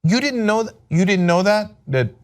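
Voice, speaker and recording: A man giving sarcastic political commentary, mocking and exasperated, firing off rhetorical questions. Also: normal speed. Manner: mocking, exasperated, reads quotes aloud; rhetorical questions, lively pitch swings.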